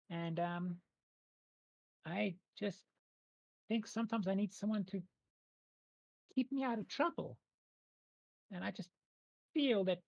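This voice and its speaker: A needy little tree-spirit creature, small and childlike, clinging to whoever rescued it, its voice lifted high and sweet as a man puts it on. It talks in soft, halting bits. The sound is dull and lo-fi. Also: gravelly, no echo, full character voice. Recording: dull lo-fi recording.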